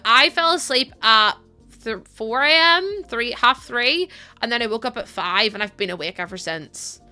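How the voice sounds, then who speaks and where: A woman's voice: fairly high pitch, sharp tone, clear, resonant tone. A woman, chatting casually on a live stream as she builds in a game, tired from little sleep and rambling with fillers and laughs.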